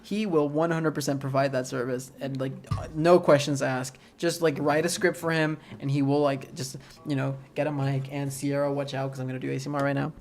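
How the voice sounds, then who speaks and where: A man's voice: mid-range voice, flat delivery, fairly quick, few pauses, a little mellow, slight background noise. A young man hosting a podcast in casual chat, rambling with many fillers and frequent laughs. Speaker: podcast host.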